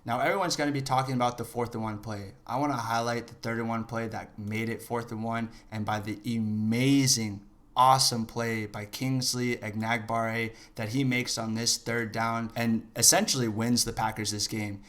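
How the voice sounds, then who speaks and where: A man talks through football replays in a loose, unscripted commentary style. He swears often and slides into heated, shouted rants about missed plays before settling back into calmer analysis. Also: medium pitch, normal speed. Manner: profane, shifts into shouting rants. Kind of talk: casual film breakdown commentary.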